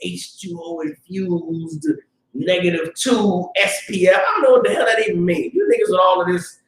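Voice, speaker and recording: A high-voiced man with a Southern US accent preaches in a fiery, loose street style, breaking into shouts at his peaks. He stands back from the mic in a very echoey room. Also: big pitch swings, normal speed, creaky, a little hiss or hum. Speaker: class teacher. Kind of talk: preaching class, casual street talk. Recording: roomy echo, distant mic.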